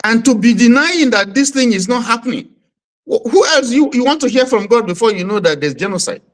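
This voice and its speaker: A man's voice: extremely high pitch, expressive, a little fast, low-quality recording. A man speaking as a livestream panel guest, indignant and repeating himself.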